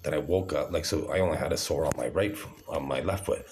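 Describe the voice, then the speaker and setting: A man's voice: very deep voice, quick pace, a little mellow, slight background noise. A man in his forties talking to camera in an agitated, rambling, profane monologue. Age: 40s.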